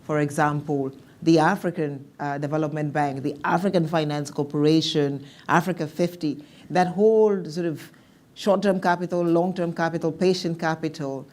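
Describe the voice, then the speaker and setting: A woman speaking as a panelist in a policy discussion, measured and thoughtful, with some restarts. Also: low voice, steady tone, darkish tone.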